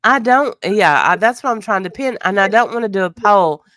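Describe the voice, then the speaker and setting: A woman recovering from illness, chatting casually as host of a live stream and telling stories in an animated way with plenty of laughs. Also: medium pitch, brisk, no room sound, studio quality. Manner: animated storyteller, laughs a lot. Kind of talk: casual chat.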